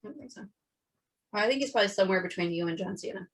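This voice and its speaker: A woman co-hosting a podcast, chatting casually and telling a story in an animated, profane way. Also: medium pitch, rapid-fire, poor audio. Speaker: podcast co-host. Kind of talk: casual chat.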